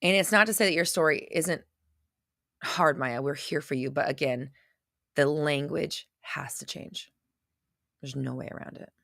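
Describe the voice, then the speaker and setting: This is a low, unhurried female voice, a bit bright, on a dry studio-quality recording. Hosting a livestream off the cuff, she responds to viewer questions bluntly and intensely, pressing her points by saying them again and again.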